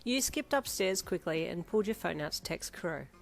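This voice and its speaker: A woman reading a fan story aloud in the second person, telling it at a steady storytelling pace. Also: on the low side, fairly quick, creaky, faint music behind. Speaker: story reader.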